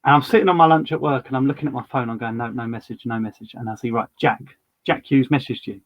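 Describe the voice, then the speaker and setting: A man's voice: medium pitch, quick pace, dull audio. A man hosting a podcast, chatting casually and telling stories full of quoted dialogue. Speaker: podcast host.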